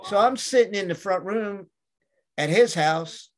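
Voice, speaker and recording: A man's voice: high voice, unhurried. A man in casual chat, telling rambling stories and acting out what people said. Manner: rambling storyteller, acts out quotes. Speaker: podcast guest.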